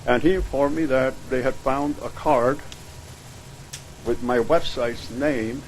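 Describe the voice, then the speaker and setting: A man's voice: mid-range voice, fairly even intonation, slow pace, a little hiss or hum, low-quality recording. A man giving aggrieved, insistent testimony at a public hearing. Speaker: public commenter. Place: hearing room.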